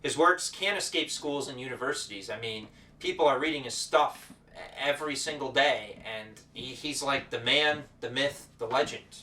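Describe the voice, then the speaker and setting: A man teaching as the host of an educational show, talking in a playful, energetic showman style with repeated greetings. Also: mid-range voice, normal speed, few pauses, slight background noise. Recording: roomy echo, voice distant from the mic.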